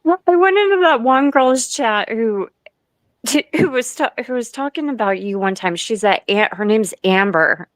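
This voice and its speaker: A woman's voice: fairly high pitch, animated, moderate pace, dry recording. A woman telling a long gossip story in casual chat, rambling and laughing often between lines.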